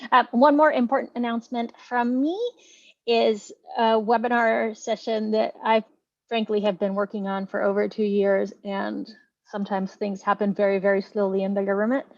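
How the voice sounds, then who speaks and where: A woman from a government agency giving an informative presentation in an online meeting, steady with some fillers. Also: mid-range voice, moderate pace, dry recording, highs cut off. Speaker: EPA staff presenter. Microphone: video call.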